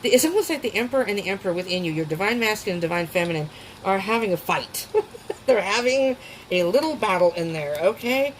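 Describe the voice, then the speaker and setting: A woman's voice: medium pitch, lively intonation, quick pace, slight background noise, rough recording. A woman giving a casual tarot reading at home, chatty and emotional, often laughing and restarting her sentences. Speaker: tarot reader.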